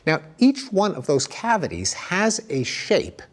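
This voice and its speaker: Man, lecturer, husky, animated delivery, emphatic examples. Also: high voice, measured pace. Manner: lively, emphatic explaining with spoken examples. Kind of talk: academic lecture.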